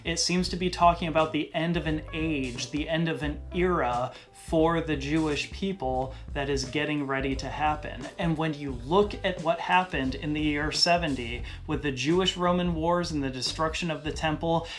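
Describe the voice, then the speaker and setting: A male podcast host giving a casual Bible teaching in a conversational way, slowing down to stress key phrases. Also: a little high, soft background music.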